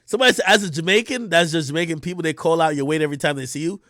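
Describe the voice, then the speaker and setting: A man's voice: a little high, rapid-fire, fairly bright tone, no echo, clean studio sound. A man streaming and ranting casually, profane and slangy, often repeating himself. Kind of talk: casual livestream rant.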